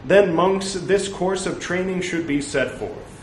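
A man's voice: sits high, a little slow, slight background noise. A man reading scripture aloud in translation, breaking off for wry, joking asides. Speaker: reader of scripture. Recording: roomy echo, faint ambience.

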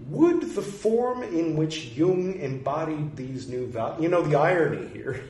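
A man's voice: mid-range voice, a little mellow. Wry rambling man in an echoey room. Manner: rambling, wry and facetious, frequent asides. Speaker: podcast host reading and commenting. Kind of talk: casual commentary on a reading. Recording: roomy echo, faint background noise.

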